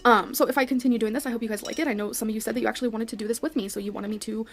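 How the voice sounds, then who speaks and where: Quick-talking woman vlogger, apologetic. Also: on the high side, steady tone, faint music behind. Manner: apologetic, chatty, giggly asides. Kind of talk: casual vlog talk, reading notes aloud.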